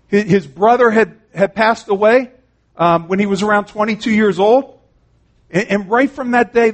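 A man preaching an earnest, conversational sermon, retelling conversations and often saying "man". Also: high voice. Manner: frequent "man" and restarts.

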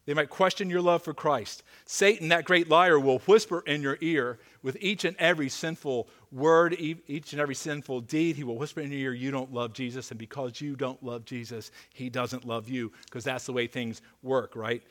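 A man preaching a sermon as pastor, earnest and pleading, dropping to a hushed voice for emphasis. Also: medium pitch, steady tone, moderate pace, few pauses.

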